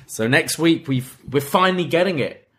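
A man's voice: on the high side, lively intonation, moderate pace, a bit bright. Laid-back man recapping wrestling. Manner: laughs while retelling, acts out quoted lines. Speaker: wrestling podcast co-host. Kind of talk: casual recap chat.

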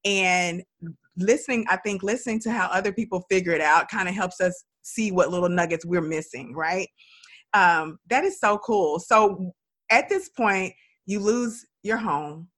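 A woman's voice: mid-range voice, unhurried, fairly bright tone. A woman hosting a podcast interview, who asks long, encouraging questions and often adds "right?". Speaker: podcast host. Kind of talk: interview conversation.

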